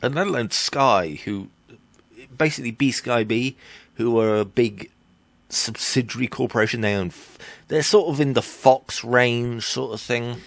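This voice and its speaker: A man's voice: mid-range voice, creaky, dry recording. A man ranting in a tech vlog, blunt and exasperated, swearing casually and correcting himself as he goes. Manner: halting with fillers and self-corrections. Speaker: vlogger.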